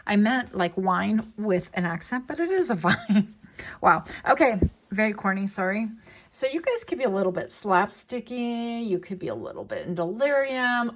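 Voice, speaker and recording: Brief: woman, tarot reader, rambling, playful, mid-pitched voice. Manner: chatty, digressive, playful asides. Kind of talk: casual pick-a-card tarot reading.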